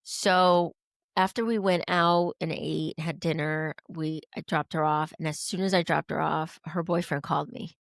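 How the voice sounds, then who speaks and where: Lower-pitched, gravelly woman telling a story. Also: normal speed, no echo, studio quality. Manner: animated, acts out quoted dialogue. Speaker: podcast guest. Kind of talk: emotional personal storytelling.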